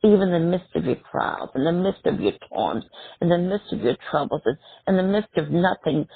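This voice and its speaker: A woman preaching a sermon in a slow, emphatic style, her voice rising sharply on key words. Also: expressive, creaky, slightly rough, no room sound. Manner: slow, emphatic preaching with sudden high rises. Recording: tinny phone-like line.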